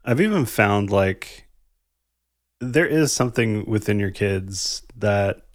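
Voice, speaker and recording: A man in his thirties co-hosts a podcast and muses casually about parenting, thoughtful, laughing lightly and saying "like" often. His voice sits on the low side with lively intonation, and he speaks slowly. The studio recording is clean, with no room sound.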